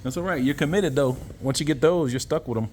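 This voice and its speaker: A man's voice: fairly high pitch, quick pace, a little mellow. A man vlogging in a casual, candid, rambling way, sometimes talking to a puppy. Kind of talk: casual vlog talk. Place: Thailand, indoors and out. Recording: noisy street ambience.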